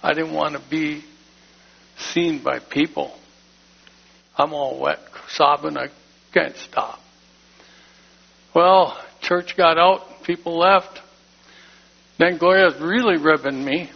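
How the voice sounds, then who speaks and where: A man tells his personal testimony in church, plain-spoken and full of feeling. His voice is gravelly and husky, pitched a little high. The recording is dull and lo-fi. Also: fairly even intonation, slow, long pauses. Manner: emotional, plain-spoken storytelling. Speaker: speaker giving a testimony in church.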